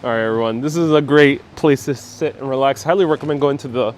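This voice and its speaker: A man's voice: mid-range voice, fast talker, a little hiss or hum. A man hosting a casual walking live stream outdoors on a city street, joking around and reading viewer comments aloud. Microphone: phone on gimbal with wireless lapel mic.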